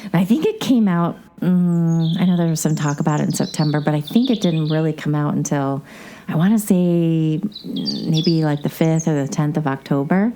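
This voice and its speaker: Low-voiced chatty woman host. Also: normal speed, warm tone, a little hiss or hum. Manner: rambling, chatty storytelling with many asides. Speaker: podcast host. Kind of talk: casual movie recap chat.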